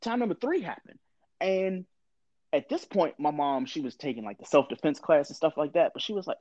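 A man's voice: on the high side, lively intonation, fairly quick, a little mellow, dry recording, highs cut off. A man in his thirties with a candid, profane storytelling manner, talking in a casual conversation.

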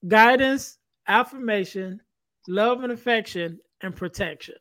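A man's voice: sits high, unhurried, sharp tone, no echo. A man hosting a casual podcast interview, methodically listing points and repeating them back to his guest. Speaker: podcast host.

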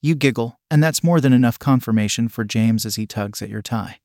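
A man narrating a second-person adult audio story in a soft, intimate way. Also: medium pitch, fairly quick, no room sound, studio quality.

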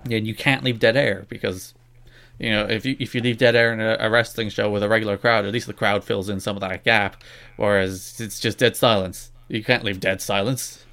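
A man co-hosting a podcast in casual chat, talking quickly and restarting his sentences often. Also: lowish voice, fairly even intonation, gravelly, fairly bright tone. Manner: quick, self-interrupting talk with frequent restarts. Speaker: podcast co-host.

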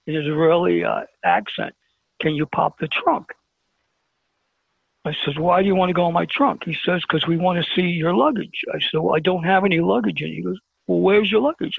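Calling in to a radio show from Brooklyn, New York, a man shares a personal story and animatedly acts out every exchange. His voice is high for a man, with a strong gravelly rasp, thinned by a tinny, dry phone line with no echo.

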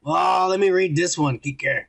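A man's voice: high-pitched, a little slow, creaky, a bit bright. A man co-hosting a casual drinking podcast, profane and rowdy, reading out viewer comments.

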